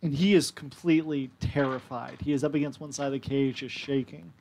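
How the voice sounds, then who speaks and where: A man's voice: mid-range voice, fairly even intonation, a little fast, vocal fry, a little mellow, slight background noise. A man running a tabletop game as game master, describing scenes matter-of-factly. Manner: descriptive, matter-of-fact narration.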